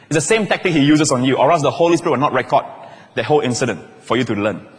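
Rapid-fire and mid-range, a man's voice fills a big room as he preaches. He's a pastor giving an energetic sermon, calling for amens, asking the congregation whether they're listening, and making asides to them.

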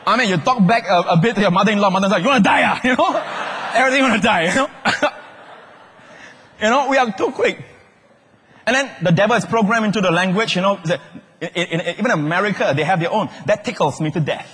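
A man with a Singaporean English accent preaching a sermon, animated and joking, often acting out other people's voices. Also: sits high, fast talker, slight background noise. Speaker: pastor. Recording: echoey hall with long reverb.

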